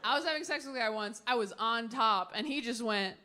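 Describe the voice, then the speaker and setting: A woman comedian doing brash, sarcastic stand-up with quick crowd banter. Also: fairly high pitch. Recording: echoey theater with loud crowd noise. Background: audience laughter.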